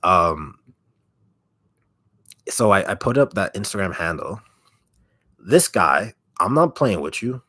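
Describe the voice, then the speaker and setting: A very low, raspy male voice rambles through a casual livestream chat, piling on fillers and swearing. He is an ASMR YouTuber talking loosely to his viewers. The sound is dry and close, with no room echo. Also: big pitch swings, slow, pauses often, sharp tone. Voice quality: deep and raspy.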